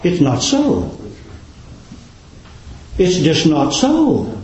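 A man's voice: fairly high pitch, wildly swooping pitch, extremely slow, a little mellow, highs cut off, slight background noise. A man preaching a sermon in a folksy, dramatic cadence, full of rhetorical questions. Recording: very echoey room.

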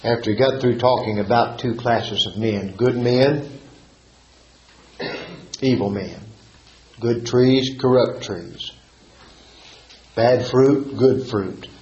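A man's voice: mid-range voice, takes it slowly, pauses often, a little mellow. A man preaching a sermon, reading old-style scripture and building to emphatic points. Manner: reads scripture in King James wording, then preaches with rising emphasis. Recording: roomy, slightly dull recording with faint noise.

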